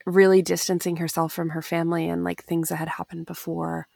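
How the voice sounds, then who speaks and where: A woman's voice: fairly low pitch, level tone, fairly quick, gravelly, darkish tone, no echo, studio quality. A woman co-hosting a podcast in casual chat, enthusiastic and playfully teasing. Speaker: podcast co-host.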